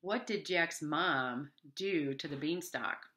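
Woman teacher, storytime host for little kids, slow and bright, sing-song questions. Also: sits low. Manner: slow, questioning, animated and playful. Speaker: teacher reading to children. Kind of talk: storytime questions for young children.

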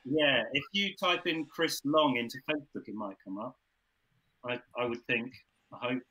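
A man's voice: medium pitch, moderate pace, sharp tone, a little hiss or hum, rough recording. An English man in a folk group chatting casually on a livestream, rambling and hesitant with many ums. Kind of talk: casual chat. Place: home livestream.

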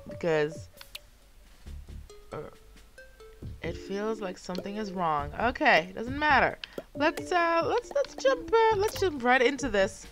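A woman streaming a video game, chatting and reacting excitably as she plays. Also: a little high. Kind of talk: live gameplay commentary. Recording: game music behind.

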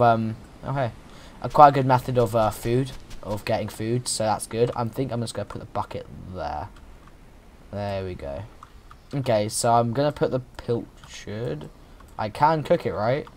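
A man's voice: mid-range voice, slight background noise. Chatty young man playing a game. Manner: chatty and playful, rambling with restarts and silly shouted bits. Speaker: gaming YouTuber. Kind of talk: casual let's-play commentary.

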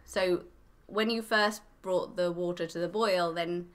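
A woman from England with a mixed English accent, a podcast guest explaining things clearly and matter-of-factly. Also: on the low side, fairly even intonation, unhurried. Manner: clear, matter-of-fact instructing. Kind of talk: explaining, casual chat.

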